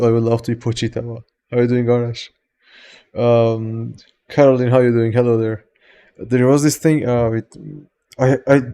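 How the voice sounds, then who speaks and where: Persian-accented guy streaming, warm mellow voice, chill joking chat, swears a bit. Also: mid-range voice. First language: Farsi. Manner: loose and joking, greets viewers by name, swears casually. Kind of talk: casual live-stream chat.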